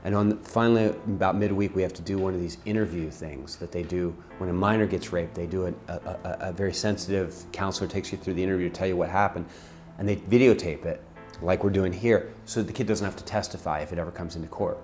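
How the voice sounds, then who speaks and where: A middle-aged man with a very deep voice tells a personal story from his ministry work. He speaks with intensity and passion, and he acts out the people in the story. Soft music plays faintly behind him. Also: fairly even intonation, fast.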